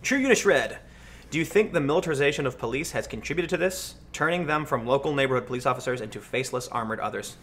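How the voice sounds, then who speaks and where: An American man hosting a livestream, answering chat questions and telling stories in a casual, animated way. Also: medium pitch, quick pace. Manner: animated storytelling, acts out voices in anecdotes. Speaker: livestream host.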